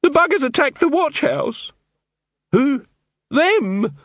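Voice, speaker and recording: A battered guard near panic, as a male reader puts him on, frantic and whimpering. The voice jumps far above the reader's usual height and comes out loud. The sound is close and dry. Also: high-pitched, animated, measured pace, breathy edge, dry recording, voice pushed up, heavily acted. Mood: panicked.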